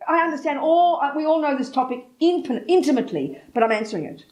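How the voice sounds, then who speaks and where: An older woman from England with an English accent, a Buddhist teacher telling a story bluntly and lively, pausing for an interpreter. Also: sits high, low-quality recording.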